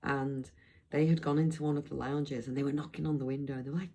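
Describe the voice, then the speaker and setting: A middle-aged woman from Blackpool rambles through a casual travel vlog. Her voice sits very low with a gravelly, fried texture. She talks loosely, drifting through asides and restarts. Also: fairly even intonation, fast, mellow, poor audio. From England, Blackpool. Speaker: vlogger.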